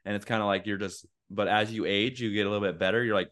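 Rambling, earnest low-voiced young man. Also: steady tone, fast, a bit bright, clean tone. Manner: rambling, earnest, many fillers; acts out angry quotes in a raised voice. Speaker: podcast co-host. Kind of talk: casual podcast chat.

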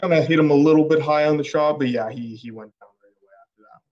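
A man from Alberta, Canada, a podcast guest telling a story in casual chat, excitable and rambling with many restarts. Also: fairly high pitch, fast talker. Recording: dull lo-fi podcast audio.

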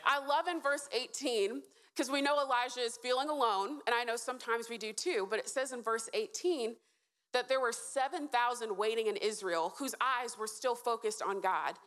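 Woman preacher, fairly high voice, earnest and encouraging sermon talk to a live audience. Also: moderate pace, fairly bright tone. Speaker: speaker at a church event.

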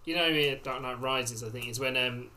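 A man's voice: medium pitch, normal speed, bright, forceful tone, slight background noise. A man hosting a casual chat, joking and laughing often. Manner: chatty, jokey, laughs often. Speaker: podcast host.

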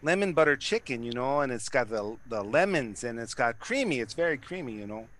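A chirpy, folksy Minnesotan voice, put on by a man, stretching his vowels in a mock Upper Midwest accent. His pitch is ordinary for a man. The sound is playful rather than deeply acted. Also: lively intonation, fairly quick, a bit bright, lightly acted.

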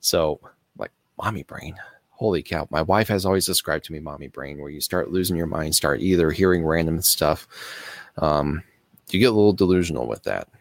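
A man telling a personal story in an earnest, halting way, pausing and restarting as he explains things slowly. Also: very deep voice, dry recording. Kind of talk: personal story told to camera.

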